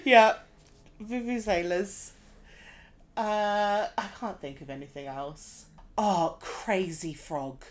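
A woman with a London accent, co-hosting a podcast in casual chat, giggly and quick to swear. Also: medium pitch. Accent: London English. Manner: giggly, swears freely, lively. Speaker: podcast co-host.

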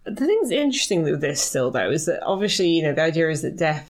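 Low-ish woman chatting about a book, thinks out loud, restarts a lot. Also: big pitch swings. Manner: quick, thinks aloud with restarts, acts out quotes. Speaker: podcast co-host. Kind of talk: casual book discussion.

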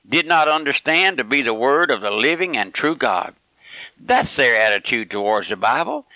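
A man's voice: a little high, pushed and bright, dry recording. A man preaching a radio sermon, emphatic and repeating his points, often calling the listener my friend. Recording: dull lo-fi broadcast recording.

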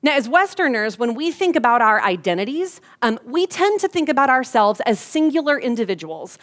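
A woman's voice: fairly high pitch, fairly quick. A woman, preaching a sermon and telling a personal story with humor. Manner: storytelling with humor, lively quoted voices. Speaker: pastor.

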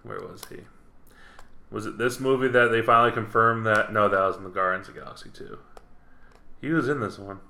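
A man co-hosting a casual podcast, rambling through fan theories in a relaxed way. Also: fairly low pitch, a little fast, long pauses. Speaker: podcast co-host. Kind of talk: casual chat. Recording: echoey room.

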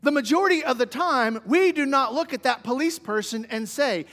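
High-voiced man preaching in a reverberant hall. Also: animated, moderate pace, few pauses, fairly bright tone. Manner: conversational preaching with vivid everyday examples. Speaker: pastor. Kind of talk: sermon. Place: church sanctuary.

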